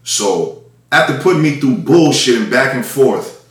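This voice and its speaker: A man's voice: medium pitch, big pitch swings, unhurried, a bit bright. A man rants in a heated, swearing monologue, repeating himself as he builds his complaint. His voice sits mid-range. It carries a strong echo, as if he were recorded across a bare room away from the mic. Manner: profane, heated, repetitive. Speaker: independent music artist. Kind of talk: angry ranting monologue. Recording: echoey room, mic at a distance.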